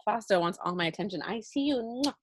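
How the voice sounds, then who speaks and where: A woman's voice: medium pitch, lively intonation, fast talker. Giggly young woman podcast co-host. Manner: playful, giggly, warm banter. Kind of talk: casual chat.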